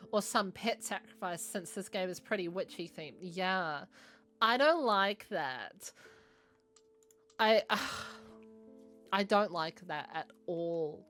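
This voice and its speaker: A woman's voice: fairly low pitch, a bit bright. A woman streamer chatting casually over gameplay, hesitant and trailing off.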